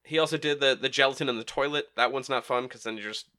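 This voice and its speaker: A man's voice: medium pitch, fast talker, sharp tone. A man chatting casually on a podcast, loose and filler-heavy, with dry remarks.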